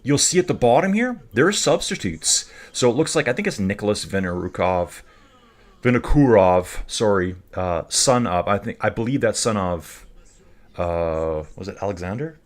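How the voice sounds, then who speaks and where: A man's voice: fairly low pitch, big pitch swings, normal speed. Guy doing a chill cycling stream at his webcam, rambly and jokey, just chatting. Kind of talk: casual live-stream commentary.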